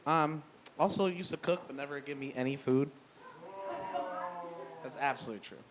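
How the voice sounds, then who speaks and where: A man doing a stand-up comedy set in a brewery, blunt and profane with a deadpan delivery. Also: medium pitch, normal speed. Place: brewery venue with live audience. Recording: noisy live room.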